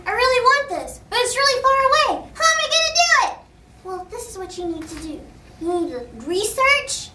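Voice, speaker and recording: A tiny male cartoon cat , put on by a woman, with a very high, squeaky voice that stays bright and sharp. He bounces through an eager, encouraging pep talk, heard from far off in an echoey convention hall. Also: slight background noise, exaggerated voice. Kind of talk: improvised character voice at a convention panel.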